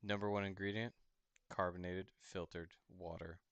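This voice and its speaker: A man hosting a casual crypto livestream, chatting loosely, chuckling often and reading a product label aloud haltingly. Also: low voice, little pitch movement, a bit bright, smooth, no room sound, lo-fi sound. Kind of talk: casual rambling livestream chat.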